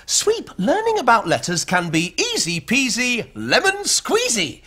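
A man presenting a children's puppet show, lively and playfully exasperated, often laughing as he scolds the puppets. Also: very high voice, measured pace, slight background noise. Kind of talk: lively scripted banter with puppets.

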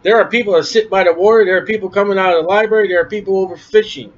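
A male preacher delivers a forceful, emphatic sermon. His voice sits high for a man. The recording sounds dull and lo-fi. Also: steady tone, very fast.

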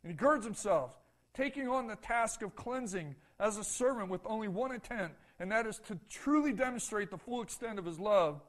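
A man's voice: sits high, lively intonation, normal speed. A man preaching a sermon as pastor in a church, emphatic and full of repeated rhetorical questions to the congregation. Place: church sanctuary.

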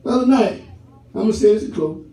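Man pastor, high animated voice, unhurried sermon delivery, recorded from a distance in an echoey church. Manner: laughing, storytelling with call-and-response. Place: church sanctuary. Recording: roomy church hall, mic at a distance, congregation audible.

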